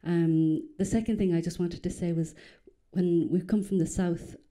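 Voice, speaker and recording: Very dark-voiced woman in the audience. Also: fairly low pitch, fairly even intonation, normal speed. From Republic of Ireland. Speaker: audience member. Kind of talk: comment from the floor.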